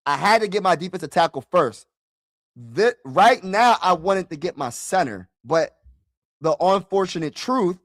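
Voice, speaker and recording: A man with a high, slightly bright voice hosts a casual football mock draft on a live stream, swinging between frustrated outbursts and mutters. He talks straight to his viewers, repeats himself, and says "bro" and "y'all" a lot. There's no room sound.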